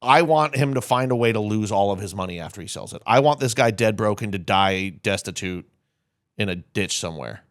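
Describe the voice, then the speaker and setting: A man's voice: lowish voice, animated, a little fast, dry recording, clean studio sound. A man co-hosting a podcast in casual chat, grumbling in a sarcastic, profane way. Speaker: podcast co-host.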